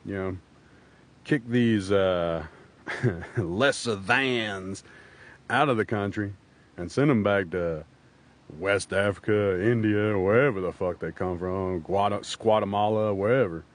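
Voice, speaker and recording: Profane, rambling man with a low voice. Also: unhurried. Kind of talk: casual rant.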